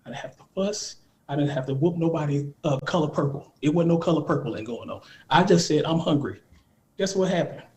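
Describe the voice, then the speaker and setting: A man in his forties on a heated panel debate, telling a story in an insistent, animated way. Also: on the high side, quick pace, echoey room. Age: 40s. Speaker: panel guest.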